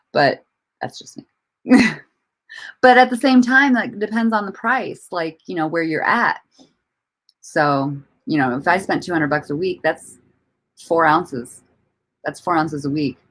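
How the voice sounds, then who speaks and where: A woman's voice: fairly low pitch, unhurried, long pauses, a bit bright. A woman hosting a casual livestream chat from home, laughing often, swearing freely and rambling with restarts while she greets and answers viewers. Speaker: livestream host.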